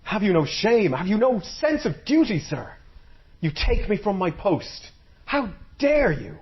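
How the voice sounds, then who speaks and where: A man's voice: mid-range voice, normal speed, lo-fi sound, natural voice. A man voicing a furious woman in white, a wronged spirit who scolds and threatens. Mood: outraged. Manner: commanding, scolding.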